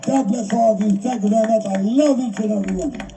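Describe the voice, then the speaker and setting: A man's voice: high voice, fast talker, dark tone. An older man giving an emotional, repetitive rally speech outdoors, heard from a distance. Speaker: rally speaker. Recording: distant mic, faint background noise.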